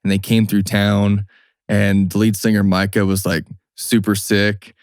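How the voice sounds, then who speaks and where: Laid-back low-voiced young man. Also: completely flat delivery, a little slow, no room sound, studio quality. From New Mexico, USA. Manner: laid-back, slangy, acts out quoted people. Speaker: guest, hat maker. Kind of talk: casual storytelling.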